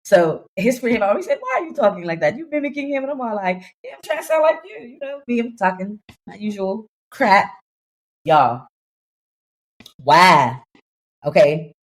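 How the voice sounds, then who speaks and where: A young adult woman co-hosting a podcast, telling a story in casual chat, animated and laughing, slipping into voices for the people in it. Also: medium pitch, normal speed. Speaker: podcast co-host.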